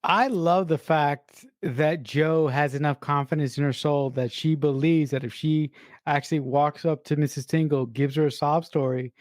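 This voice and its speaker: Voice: medium pitch, fairly even intonation, normal speed, darkish tone, no echo. Podcast co-host, emphatic fan talk, casual swearing, dry close mic. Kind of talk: casual film-review chat.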